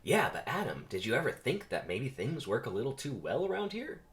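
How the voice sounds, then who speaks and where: A man's voice: medium pitch, huge pitch swings, a little fast, a bit bright. A man voicing a questioning, incredulous young male bee.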